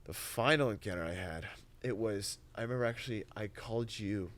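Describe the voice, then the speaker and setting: A young man, a podcast guest, telling a personal testimony in casual, animated, emotional conversation full of "like" and "dude". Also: lowish voice, brisk.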